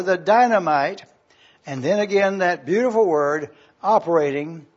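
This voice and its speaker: A high-voiced man delivers a Bible teaching at an unhurried, deliberate pace, stopping to spell out Greek words letter by letter. His voice is a little husky, and the recording sounds dull and lo-fi. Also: a little mellow.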